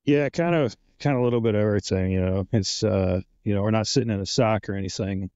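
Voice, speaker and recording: A man's voice: lowish voice, fast, a little mellow, smooth, no room sound, dull audio. A man answering interview questions as a guest, laid-back and hesitant, with lots of "uh" and "you know". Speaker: guest, penetration tester.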